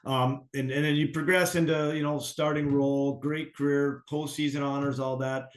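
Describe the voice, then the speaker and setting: A man hosting a podcast, asking long, halting interview questions full of fillers and restarts. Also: a little high, flat delivery. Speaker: podcast host. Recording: roomy echoey mic.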